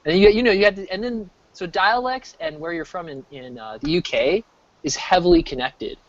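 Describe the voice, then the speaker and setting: An American man in his thirties talks casually in a fairly high voice, rambling and often restarting his sentences. The sound is dry and a bit dull, as from a cheap desk mic. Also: normal speed, no echo. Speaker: streamer. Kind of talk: casual chat.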